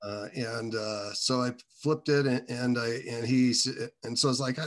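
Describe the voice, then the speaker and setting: A man sharing his personal faith testimony in a casual, halting way, with many restarts and side turns. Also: mid-range voice, fairly bright tone.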